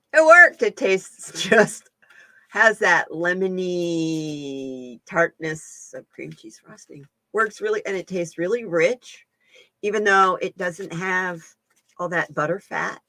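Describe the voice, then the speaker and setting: A woman's voice: lowish voice, a bit bright, dry recording. A woman hosting a casual live-stream chat as a card reader, folksy and laughing often.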